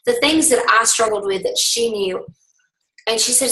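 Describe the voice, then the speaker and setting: A middle-aged woman, a bit hoarse, telling her story to a sales team in a rambling, folksy way full of ums. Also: a little high, moderate pace, bright, forceful tone. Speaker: guest speaker on a team call. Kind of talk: personal testimony to a sales team. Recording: roomy, distant conference-call audio.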